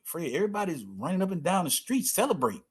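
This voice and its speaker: A man's voice: sits high, very animated, fast. A middle-aged man, a former football player telling stories as a guest in a casual interview and repeating phrases for emphasis.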